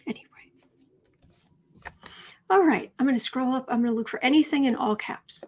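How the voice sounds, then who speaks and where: Chatty woman livestream host, slightly high. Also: normal speed, darkish tone. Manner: chatty, rambling, greets chat viewers by name. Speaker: tarot reading livestream host. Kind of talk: casual livestream chat.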